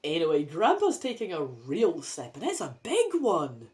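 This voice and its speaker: A woman's voice: low-pitched, wildly swooping pitch, moderate pace, darkish tone. A woman with a Scottish accent reading a children's adventure book aloud, rambling and chatty with sweary asides. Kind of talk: casual read-aloud with asides.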